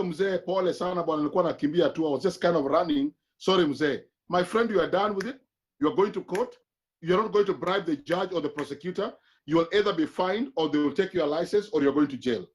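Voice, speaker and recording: This is a Kenyan man with a notably high voice, speaking as a guest on a church television panel. He builds his argument with emphatic, sermon-like exhortation, turning to the listener with direct appeals.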